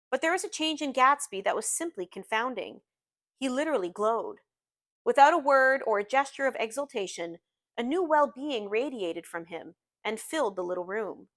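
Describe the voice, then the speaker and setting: A woman teacher reads a novel aloud in a measured, expressive way. Her voice sits somewhat high and moves through a lively range. The recording is dry, with no room sound. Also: no room sound.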